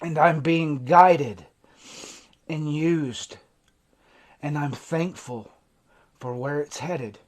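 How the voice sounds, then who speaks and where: A man who coaches people in recovery, giving an impassioned, emotional livestream monologue that swings from intense to hushed. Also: fairly high pitch, very slow, pauses often. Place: TikTok live stream.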